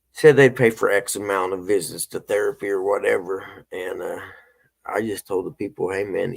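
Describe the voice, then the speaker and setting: A middle-aged man hosts a casual morning chat in a low, gravelly voice. He rambles through folksy stories in an easygoing way. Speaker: host.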